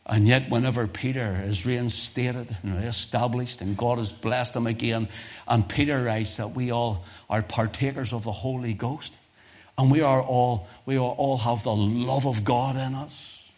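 A man preaching a sermon in a church, reading old-fashioned scripture and putting emphatic questions to the congregation, rising loud on key points and dropping soft to explain. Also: medium pitch, fairly even intonation, unhurried. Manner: reads scripture in old-fashioned King James wording.

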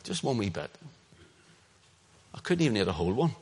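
A man with a Northern Irish accent preaching an impassioned sermon, swinging between loud emphasis and hushed asides. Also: lowish voice, very animated, fairly quick, slightly rough. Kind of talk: sermon, streamed online.

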